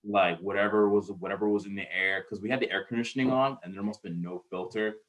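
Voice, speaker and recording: Low-voiced rambling podcast guy. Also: steady tone, quick pace, fairly bright tone. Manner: rambling storyteller, swears freely, restarts sentences. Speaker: podcast co-host. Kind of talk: casual podcast chat.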